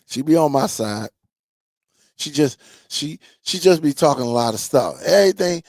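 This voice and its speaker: A man's voice: on the high side, animated, moderate pace, a little mellow, no room sound, studio quality. A man hosting a streaming tech channel, chatting loosely with his viewers in a rambling way and laughing often. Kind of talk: casual livestream chat with viewers.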